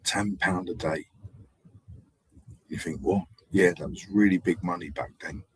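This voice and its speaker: A man's voice: sits low, measured pace, breathy edge, rough recording. A man hosting a live stream, talking in a rambling, digressive way with hesitations and repeats. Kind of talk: rambling casual monologue.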